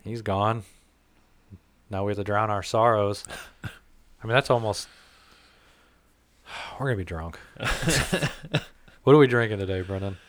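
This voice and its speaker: A man's voice: fairly low pitch, a little slow, long pauses. A man hosting a podcast in casual chat, laid-back and swearing freely. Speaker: podcast host.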